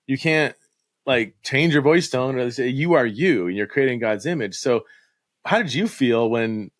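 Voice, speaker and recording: A man's voice: mid-range voice, lively intonation, moderate pace. A man in a mid-range voice hosts a casual podcast, chatty and often laughing, asking long, rambling questions. His voice sounds dry and close, with no room echo. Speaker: podcast host. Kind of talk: casual conversation. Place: home basement.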